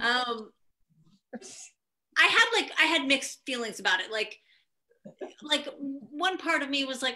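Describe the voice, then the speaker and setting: A young woman tells a stand-up set over a video call, with a high voice. Her tone is bright and sharp. She is animated and profane and laughs through her own stories. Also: normal speed, long pauses. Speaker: stand-up comedian.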